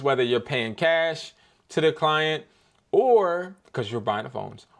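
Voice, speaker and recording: Animated young man teaching in slang. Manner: animated, slangy, acts out phone calls in a lower voice, breaks into loud excited bursts. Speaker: host of a live business workshop. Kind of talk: casual livestream teaching.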